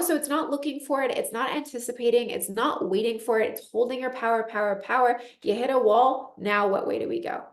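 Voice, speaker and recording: A woman teaching a group call in a casual, animated way, acting out inner voices and saying "like" often. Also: on the high side, reverberant. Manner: animated, acts out inner voices, frequent "like" fillers.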